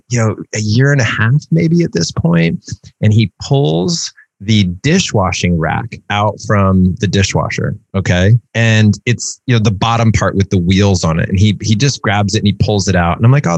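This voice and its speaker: This is a man in his forties with a lowish voice, telling personal stories as a podcast guest. He talks in a lively, animated way and keeps checking in with asides like "right?". The sound is dry and close, with almost no room echo. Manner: lively, animated storyteller who often says "dude" and "right?". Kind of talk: casual storytelling conversation.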